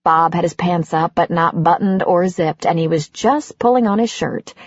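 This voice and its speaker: Husky-voiced woman narrating calmly. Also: on the low side, normal speed, no room sound, muffled recording. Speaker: audiobook narrator. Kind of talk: scripted narration.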